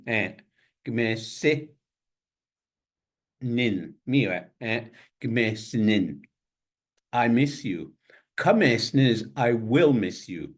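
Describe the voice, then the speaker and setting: An older man teaching a language class over a video call, saying each word slowly several times and spelling it out letter by letter. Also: mid-range voice. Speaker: language instructor. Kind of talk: online language lesson.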